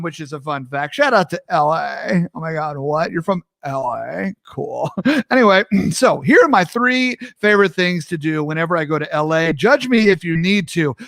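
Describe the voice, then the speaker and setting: Upbeat high-voiced man hosting a stream. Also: no room sound, clean studio sound. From US East Coast. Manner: energetic, chatty, addresses viewers as friends. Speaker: host. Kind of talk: live-streamed casual talk show.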